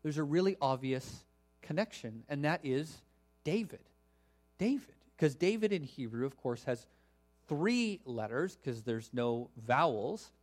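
A man preaching a sermon to a congregation, teaching in a conversational, animated way with casual asides. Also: mid-range voice, a little slow. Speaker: pastor.

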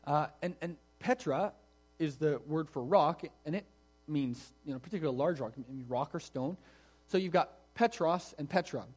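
A man's voice: a little high, moderate pace, darkish tone, husky. A man preaching a sermon in an explanatory, conversational way, stressing key words. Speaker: pastor.

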